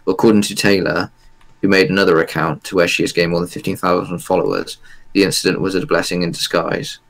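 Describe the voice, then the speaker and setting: Man, low voice, gravelly, casual stream chat, sarcastic. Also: flat delivery, quick pace, fairly bright tone. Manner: sarcastic, laughs often.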